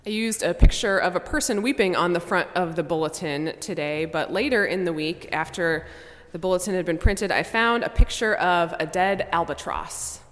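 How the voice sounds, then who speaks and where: A woman pastor preaching a measured sermon, her voice softening to a hush on sombre lines. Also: fairly low pitch. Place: church sanctuary. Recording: long church reverb.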